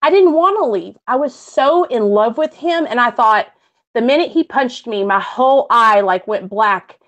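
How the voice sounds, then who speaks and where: Woman telling her story, emotional and halting. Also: a little high, animated, a bit bright. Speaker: guest sharing her story. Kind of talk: personal testimony on a stream.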